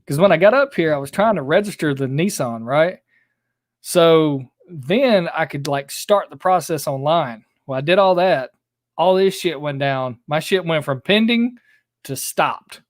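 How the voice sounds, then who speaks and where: Lively teasing man. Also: a little high, measured pace, no room sound, studio quality. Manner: teasing, profane, animated. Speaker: podcast co-host. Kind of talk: casual chat.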